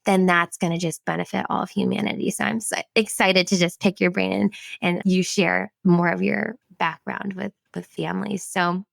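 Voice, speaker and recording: This is a woman in her thirties, hosting a podcast in a relaxed, chatty way. She has a low voice with a gravelly edge, and she tells her stories with a lot of enthusiasm. The sound is dry and close. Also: moderate pace, hardly any pauses, no echo. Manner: enthusiastic, animated storytelling. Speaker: podcast host. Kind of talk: casual interview chat.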